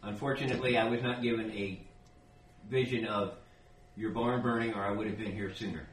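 A man playing a tabletop game, speaking in character in a measured, formal way, heard in an echoey room from a distant mic with faint noise. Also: fairly low pitch, steady tone. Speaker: player.

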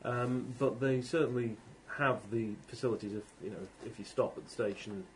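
Man, game master, halting narration, ums and restarts, faint hiss. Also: medium pitch. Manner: hesitant, many ums and restarts. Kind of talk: narrating a tabletop role-playing game.

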